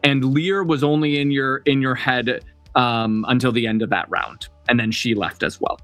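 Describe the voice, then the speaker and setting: A man's voice: medium pitch, normal speed, a bit bright, no echo, faint music behind. Man narrating a tabletop game, dry. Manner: describes scenes with many fillers and restarts. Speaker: game master.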